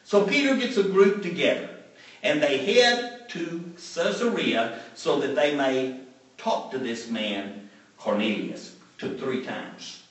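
A man's voice: fairly high pitch, animated, takes it slowly. A man preaching a sermon, retelling scripture with emphatic repetition and a storytelling manner. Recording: very echoey room, mic far off.

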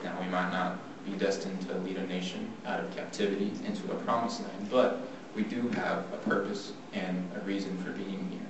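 A man giving a devotional Bible talk, plain and earnest, slowing down when he reads scripture. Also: low voice, flat delivery. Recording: echoey room from far off, faint noise.

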